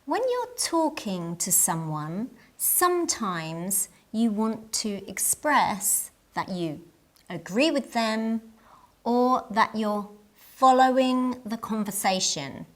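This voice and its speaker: A woman narrating a scripted English lesson in a clear, deliberate way. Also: fairly high pitch, lively intonation. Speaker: English teacher.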